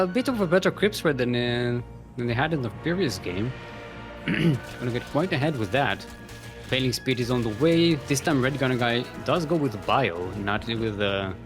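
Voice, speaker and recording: A man casting a live strategy-game match, chatty and joking, reading out viewer chat as he goes. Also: medium pitch. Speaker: esports caster.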